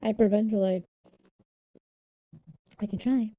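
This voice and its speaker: A woman's voice: mid-range voice, fairly even intonation, slow pace, warm tone, muffled recording, slight background noise. A young woman streaming live, chatting casually and apologizing for her hiccups on a close desk microphone. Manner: chatty, apologetic, laughing, humming to herself.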